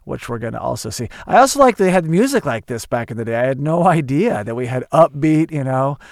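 A man's voice: mid-range voice, animated, fairly quick, no room sound, clean studio sound. A man co-hosting a movie podcast, chatting with enthusiasm. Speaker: podcast co-host. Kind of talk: casual chat.

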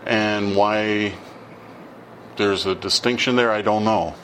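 A middle-aged man preaches in a relaxed, conversational way, drifting into stories and acting out both sides of the conversations. His voice sits a little low, and a faint hiss hangs under the recording. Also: takes it slowly. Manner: conversational storytelling, acting out dialogue. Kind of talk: informal sermon.

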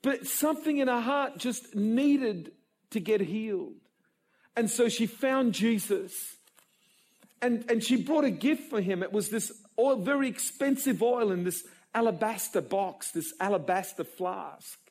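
Animated, husky-voiced man preaching. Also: sits high, unhurried. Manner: emotional, animated storytelling with repeated stammered restarts. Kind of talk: sermon.

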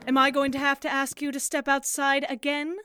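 A woman's voice: high voice, monotone, fairly quick, fairly bright tone. A woman playing a formal hostess who tells rowdy patrons to sit down. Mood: stern. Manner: formal, stern. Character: prim bar hostess keeping order.

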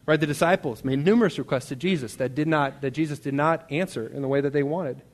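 A man preaching a sermon to a congregation in a conversational, animated way, often checking in with "right?". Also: on the high side, fast. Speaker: pastor. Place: church hall before a congregation.

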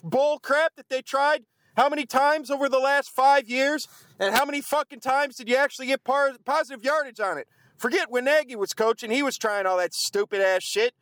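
A man rants after the game, cursing and grumbling in a fairly high, smooth voice. The sound is dry and close, with little room around it. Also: fairly bright tone, no echo. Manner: profane, grumbling rant. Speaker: fan vlogger. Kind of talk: ranting post-game chat. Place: outdoors in the cold.

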